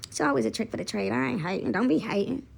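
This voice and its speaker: A woman's voice: on the high side, quick pace, creaky, husky. An older woman talking casually about faith and acting out voices, playful and laughing often. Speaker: faith vlogger. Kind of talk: casual monologue, acting out God's voice.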